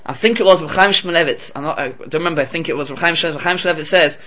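A man giving a Torah lesson in a lively, conversational storytelling manner. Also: on the high side, very fast. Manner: animated, conversational. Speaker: Torah teacher.

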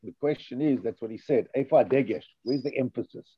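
A man's voice: mid-range voice, fairly quick, slightly rough, dry recording, muffled recording. A man teaching a conversational Torah class, thinking aloud with restarts and checking in with "yeah?".

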